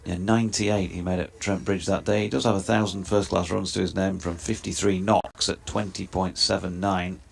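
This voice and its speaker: Deep gravelly male cricket commentator. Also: level tone. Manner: measured, describing each delivery in detail. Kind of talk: ball-by-ball radio commentary.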